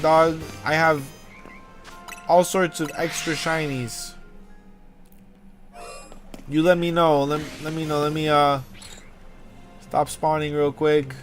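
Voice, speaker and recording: A young man chatting casually on a game livestream, rambling from one joke to the next, swearing freely and calling his viewers dude. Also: fairly high pitch. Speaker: livestream gamer. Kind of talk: casual livestream chat while playing. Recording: game music playing under voice.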